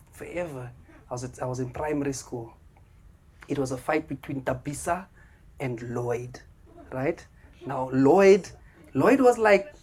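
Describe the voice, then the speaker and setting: At a comedy club, a South African man does stand-up, engaging the crowd and performing voices within his stories to audience laughter. His voice is medium-pitched and a little mellow.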